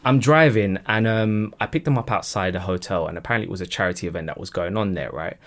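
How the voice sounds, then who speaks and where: A man's voice: sits low, fast. A man, a cab driver guest on a podcast, telling stories in casual chat and acting out the dialogue. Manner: lively storyteller who acts out dialogue in quoted voices.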